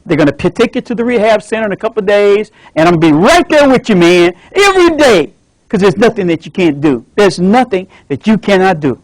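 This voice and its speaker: A man's voice: sits high, big pitch swings, fast, dry recording, poor audio. A man telling a dramatic story at a club meeting, emphatic and upbeat, repeating motivational lines. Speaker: club speaker.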